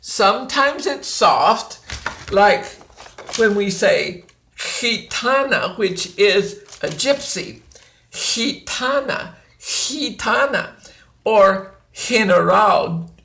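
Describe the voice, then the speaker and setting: Slow, bright-voiced woman teaching. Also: medium pitch, expressive, creaky, slight background noise. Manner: deliberate, drawn-out, demonstrating sounds. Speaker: Spanish teacher. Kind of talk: slow, patient classroom instruction. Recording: echoey room.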